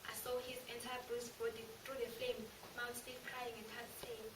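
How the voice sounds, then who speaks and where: A woman's voice: fairly high pitch, level tone, normal speed, natural voice. A woman playing a guilt-haunted witness. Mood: anguished. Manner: anguished, confessional, swinging from hushed to loud. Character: remorseful woman haunted by a mob killing. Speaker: drama student. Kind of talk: stage monologue performance. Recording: echoey room, from far off, noisy.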